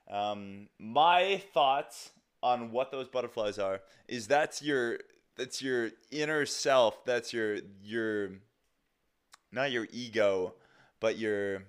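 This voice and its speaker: Rambling, smooth-voiced man podcasting solo. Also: medium pitch, a bit bright. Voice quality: smooth, loose and rambling with many fillers and restarts, casual swearing. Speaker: podcast host. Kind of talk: casual solo podcast monologue.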